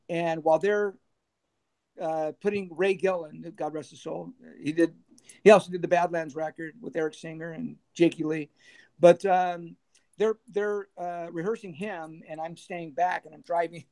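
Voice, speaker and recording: A middle-aged man, a former band manager, telling lively anecdotes in a casual interview and laughing as he goes. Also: sits high. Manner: animated anecdotes, laughing, acting out others' voices.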